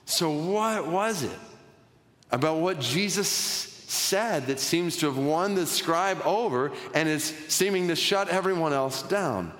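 A man's voice: unhurried, fairly bright tone. Man preaching in a reverberant hall. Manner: earnest preaching, rising in pitch and energy when stressing points. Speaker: pastor. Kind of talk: sermon.

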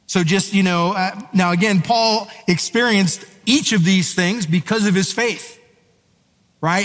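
Man preaching a sermon in an echoey hall. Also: high-pitched. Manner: conversational storytelling, asks the audience questions. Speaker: pastor.

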